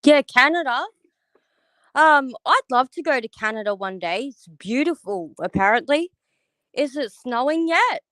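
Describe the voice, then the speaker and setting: An Australian woman chatting frankly on her livestream, drifting off topic and cursing without a second thought. Her voice sits a little high and she takes her time with every phrase. The sound is close and dry, with no room around it. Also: animated, a little slow, bright, forceful tone, no room sound, poor audio. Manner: frank, rambling, swears freely. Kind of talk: casual livestream chat.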